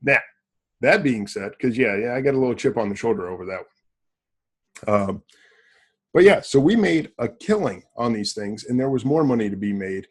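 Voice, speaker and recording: A man with a husky, slightly breathy voice hosts a casual business podcast. He talks bluntly and with some swagger, asking rhetorical questions and answering them himself. His pitch sits in a middling range. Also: animated, moderate pace. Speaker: podcast host.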